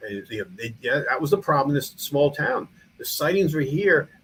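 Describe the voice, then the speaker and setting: A man's voice: fairly high pitch, fairly quick, slight background noise, low-quality recording. A middle-aged man, a small-town mayor and museum founder, telling stories in a casual interview with lots of restarts and fillers. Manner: rambling, animated, frequent restarts and fillers.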